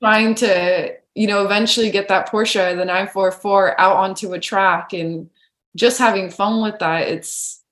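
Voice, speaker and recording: Animated chatty woman in an echoey room. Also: mid-range voice, measured pace. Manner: animated, chatty, acts out quoted remarks. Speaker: podcast guest. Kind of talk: casual storytelling chat.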